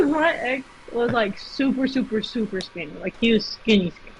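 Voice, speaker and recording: A young woman on a casual gaming stream, telling a story in an animated way and acting out the dialogue. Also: a little high, normal speed, a little hiss or hum, low-quality recording. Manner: animated, acts out quoted dialogue.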